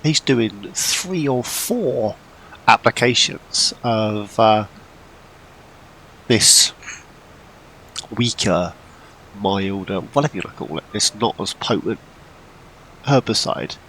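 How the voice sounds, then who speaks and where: A man talks slowly and in a relaxed way over his gameplay, drifting from one thought to the next and poking fun at himself. His voice sits low and has a gravelly edge. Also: a little hiss or hum, rough recording. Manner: rambling and self-deprecating. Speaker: gameplay channel host. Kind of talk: casual gameplay commentary.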